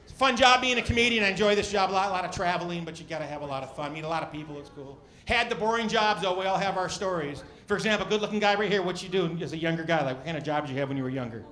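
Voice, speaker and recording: A man doing stand-up comedy, loudly riffing with the crowd and swearing freely. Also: sits high, rapid-fire, few pauses. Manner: loud, profane, riffing with the audience. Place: comedy club stage. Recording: club audience laughing loudly.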